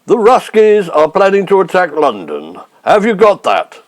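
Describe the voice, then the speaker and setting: A man's voice: sits high, wildly swooping pitch, normal speed, no room sound. A man doing a spoof impression of a pompous older prime minister calling from a phone box, with a clipped, impatient manner. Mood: blustering.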